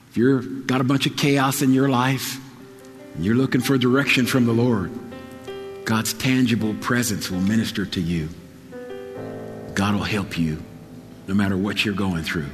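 A man's voice: fairly low pitch, steady tone, moderate pace, long pauses, soft background music. Earnest male preacher in a reverberant hall. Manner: earnest, repetitive preaching with stammered restarts. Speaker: pastor. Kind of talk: sermon.

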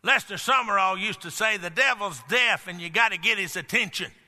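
A man's voice: sits high, fairly quick, bright, forceful tone, faint music behind. A man preaching a sermon as pastor, emphatic and storytelling. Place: church sanctuary. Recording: long church-hall reverb.

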